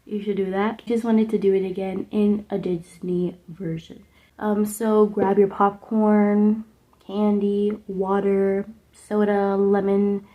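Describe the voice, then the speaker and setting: A woman's voice: mid-range voice, flat delivery, slow, narrow, tinny audio. A young woman vlogger recapping a movie in a casual, rambling way, with lots of "like" fillers, talking at home. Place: indoors at home under a sunset lamp.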